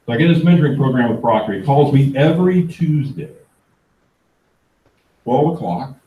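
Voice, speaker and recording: A middle-aged man giving a motivational talk at a real estate planning event, an animated storyteller who acts out the dialogue. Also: mid-range voice, moderate pace, narrow, tinny audio. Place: event room. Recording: echoey room, distant mic.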